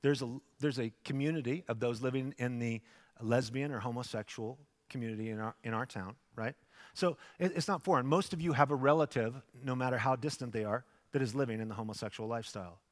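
A man's voice: mid-range voice, fast. A man preaching a sermon as pastor, telling the story animatedly and acting out its voices. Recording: long hall reverb.

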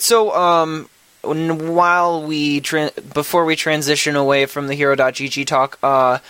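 Playful male podcast host, slightly higher voice, dry close recording. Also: sharp tone, no echo. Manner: joking, playful. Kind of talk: casual podcast hosting.

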